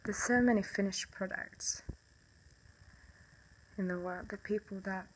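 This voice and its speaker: A woman's voice: mid-range voice, unhurried, slight background noise, poor audio. A young woman with a Swedish accent, speaking English in a casual monologue to camera, passionate and blunt, swearing often and breaking into bitter laughs.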